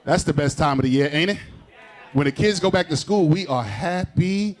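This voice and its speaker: A man's voice: on the high side, lively intonation, normal speed. A man doing crowd-work stand-up with a New York accent, teasing audience members and laughing between jokes. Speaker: stand-up comedian. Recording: live crowd in the room. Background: audience laughter and claps.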